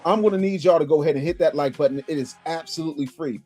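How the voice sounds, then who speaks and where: High-voiced guy on a home stream mic, all worked up reacting to clips and ribbing the chat, faint music under him. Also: very fast. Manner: animated, exclaiming, teasing chat. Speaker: livestream host. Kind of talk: reaction commentary. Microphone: studio microphone.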